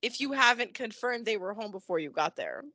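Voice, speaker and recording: A woman's voice: mid-range voice, expressive, fairly quick, bright, forceful tone, dry recording. A woman co-hosting a podcast, chatting casually about a soap episode, laughing often and acting out the characters' lines. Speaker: podcast co-host. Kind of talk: casual recap chat.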